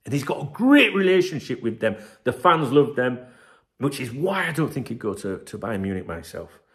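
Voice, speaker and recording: A man's voice: medium pitch, sing-song, moderate pace. A man hosting a football channel, talking casually and emphatically, often tagging "right?" and swearing. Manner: chatty, emphatic, keeps asking "right?", swears. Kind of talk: casual commentary to camera.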